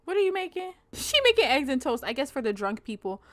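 Young woman host with a bright high voice, playful and profane, riffing over her game. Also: fast. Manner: playful, excitable, slangy and profane. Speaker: gaming channel host. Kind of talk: casual let's-play commentary.

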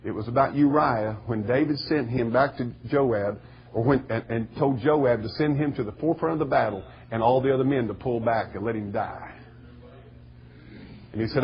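Husky preacher, lo-fi recording. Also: male voice, medium pitch, normal speed. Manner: folksy storytelling, rising to shouting bursts. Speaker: pastor. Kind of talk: sermon.

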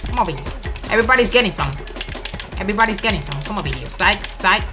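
Woman host for let's play commentary: excitable, slangy, taunting, animated pitch, over game music. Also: fast. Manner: excitable trash-talking, shouts taunts at enemies; slangy, swears often. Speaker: gaming channel host.

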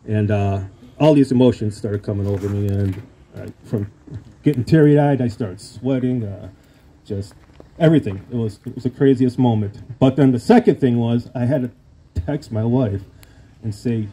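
A man's voice: medium pitch, normal speed, warm tone. A man telling a rambling, self-deprecating story in an acceptance speech at a hall of fame induction. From Illinois.

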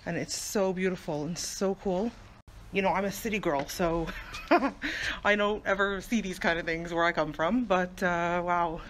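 A woman's voice: lowish voice, unhurried, a little hiss or hum, rough recording. A woman chatting casually in a vlog, bubbly and giggly, often laughing as she talks. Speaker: vlogger.

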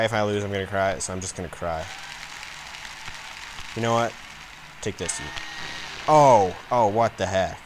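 A man commenting on his video game as he plays, excitable, yelling and complaining at the game. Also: lowish voice, unhurried, long pauses, a little hiss or hum, poor audio. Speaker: let's play gamer. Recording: game music loud behind voice. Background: game music.

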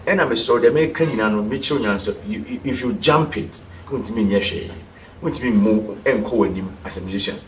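A man's voice: lowish voice, fairly quick, recorded from a distance, slight background noise. A man with a Ghanaian accent teaching a piano lesson for TV, repeating terms and quizzing the viewer. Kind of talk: TV music lesson, mixing English and Twi. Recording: echoey room, voice from off the mic. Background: piano notes.

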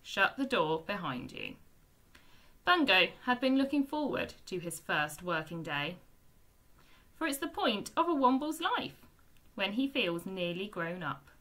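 A woman teacher reads a children's book aloud to young pupils. Her voice is bright and clear, and her pitch rises and falls a great deal as she tells the story expressively. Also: sing-song, unhurried. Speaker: primary school teacher.

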